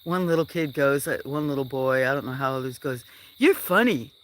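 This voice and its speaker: Farm streamer rambling outside at night, mid pitch, keeps going quiet, faint crickets. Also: steady tone, quick pace, a little hiss or hum. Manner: rambling storyteller, often dropping to a hush. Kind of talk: casual live-stream chat. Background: crickets chirping.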